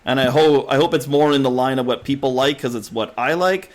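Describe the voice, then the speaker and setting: A man co-hosting a casual movie review podcast, excitable and laughing often as he acts out his reactions. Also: mid-range voice, fairly quick. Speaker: podcast co-host.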